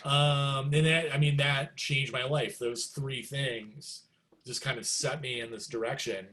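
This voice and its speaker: A middle-aged man, a guest musician, telling stories in a casual interview and acting out quotes with big jumps in pitch. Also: fairly even intonation, measured pace, a bit bright.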